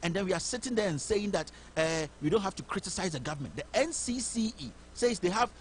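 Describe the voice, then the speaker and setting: A man's voice: high-pitched, animated, quick pace, slight background noise. Fiery Ghanaian man ranting on air. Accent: Ghanaian English. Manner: indignant, rhetorical, fiery. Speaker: host of a political commentary show. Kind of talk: impassioned political commentary.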